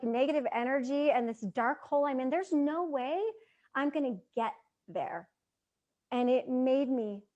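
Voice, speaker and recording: A woman's voice: high voice, darkish tone. A woman in her thirties giving an earnest motivational talk to an audience, repeating phrases for emphasis. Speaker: motivational speaker.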